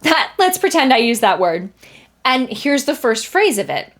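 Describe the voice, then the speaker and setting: A woman's voice: high voice, sing-song, moderate pace. A woman in her thirties hosting a singing lesson podcast, chatting casually and breaking into short sung vocal examples. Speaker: voice teacher and podcast host. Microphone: studio mic.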